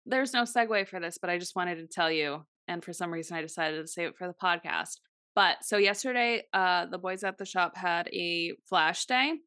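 A woman's voice: lowish voice, moderate pace, pushed and bright, no room sound, clean studio sound. A young woman co-hosting a podcast, telling crude, candid stories in casual chat. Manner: candid, crude storytelling with laughs. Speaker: podcast co-host.

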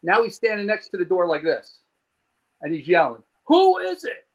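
Animated, profane storyteller from New Jersey. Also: male voice, sits high, normal speed, lo-fi sound. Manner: animated, swearing, acts out scenes. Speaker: podcast guest.

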